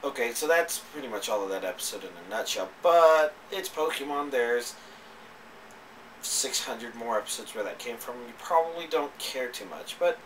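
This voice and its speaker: A man's voice: mid-range voice, animated, moderate pace, a bit bright, recorded from a distance, a little hiss or hum, rough recording. A man giving a casual, rambling spoken review, with hesitant speech full of fillers and restarts. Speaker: anime reviewer.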